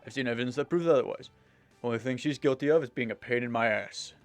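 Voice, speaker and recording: A man voicing a gruff, impatient police detective who speaks in an exasperated, commanding way, over faint game music. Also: mid-range voice, fast, close to an everyday voice.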